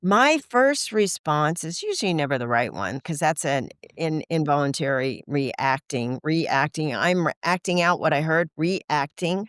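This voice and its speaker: An older woman speaking as a podcast guest, frank and animated, swearing casually and acting out the voices in her stories. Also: low voice, takes it slowly, no echo, studio quality. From United States. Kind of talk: candid conversational interview.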